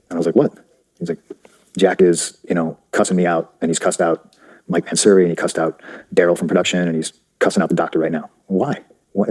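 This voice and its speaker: A man's voice: deep voice, mellow. A man telling backstage stories bluntly in an interview, swearing freely and acting out what others said. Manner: blunt, profane, rapid storytelling with quoted dialogue. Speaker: interview guest, wrestler. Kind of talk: candid interview storytelling.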